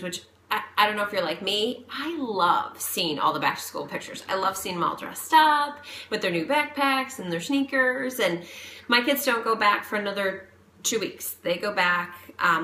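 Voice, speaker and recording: A woman's voice: mid-range voice, sharp tone, echoey room, slight background noise. A woman in her thirties, a fitness coach and mom, chatting openly and a bit rambling about feeling stressed. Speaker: fitness coach and personal trainer. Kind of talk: casual talk to camera.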